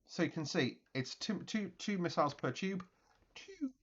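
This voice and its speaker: A man hosting his channel, giving chatty, excitable gameplay commentary with mouth-made explosion noises. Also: fairly high pitch, normal speed, slightly rough, muffled recording. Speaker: video game channel host.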